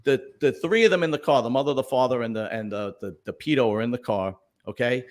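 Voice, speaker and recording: A man's voice: mid-range voice, quick pace. Man rambling through news stories. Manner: rambling storyteller with many fillers and restarts; tells jokes read out for viewer donations. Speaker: podcast host. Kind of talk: casual news chat.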